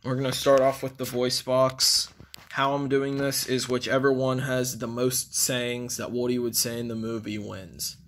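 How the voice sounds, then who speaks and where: A man's voice: medium pitch, flat delivery, moderate pace, fairly bright tone, a little hiss or hum. A man giving a casual video review of toys, rambling with frequent ums. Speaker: toy reviewer.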